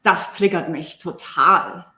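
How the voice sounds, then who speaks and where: A woman working as a German language coach, talking through example phrases in a measured way during a casual online discussion. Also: fairly low pitch, expressive, bright, forceful tone. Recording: echoey room.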